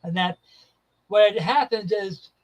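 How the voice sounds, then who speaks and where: A man from Canada, a psychic medium guest on a chat show, talking in a halting way and stumbling over words. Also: high-pitched, poor audio. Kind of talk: casual chat.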